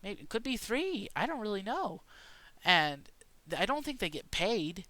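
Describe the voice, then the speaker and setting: A man's voice: sits high, sing-song, moderate pace, pushed and bright, no echo. A man rambling through a mock-serious conspiracy rant in a casual monologue, stumbling and restarting often. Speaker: vlogger.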